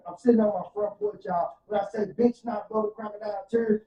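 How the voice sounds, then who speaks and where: St guy preaching his story on a podcast, goes quiet then loud, kinda far off in an echoey room. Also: high-pitched, little pitch movement, brisk, hardly any pauses. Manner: fervent, preacher-like, swings from soft to loud. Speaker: podcast guest. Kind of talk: emotional testimony in casual podcast talk. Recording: roomy, distant, dull sound.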